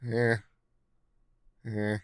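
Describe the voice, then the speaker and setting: A fairly low-pitched man talks through a casual livestream reaction as its host, a lawyer who circles his points with fillers, restarts and "you know". His voice sits close and dry on the mic, with no room sound around it. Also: monotone, extremely slow, clean tone, dry recording. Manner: conversational, hedging, many fillers and restarts.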